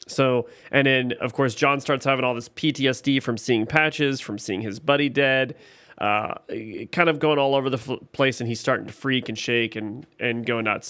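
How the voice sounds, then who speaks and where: A man co-hosting a podcast, recapping a TV episode scene by scene in casual chat, getting animated when he is frustrated. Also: medium pitch, clean tone, no echo. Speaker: podcast co-host.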